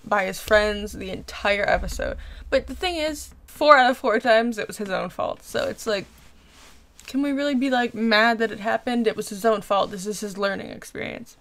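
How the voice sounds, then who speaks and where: Young woman with a gravelly, fry-heavy voice. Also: mid-range voice. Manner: chatty, animated, filler-heavy with frequent "like". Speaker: reaction video host. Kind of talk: casual episode recap and review.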